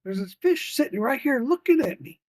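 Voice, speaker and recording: Brief: grandpa putting on a small impatient girl, high and pleading, dry close sound. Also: very animated, moderate pace, no room sound. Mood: insistent. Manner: high, pleading, insistent child's voice.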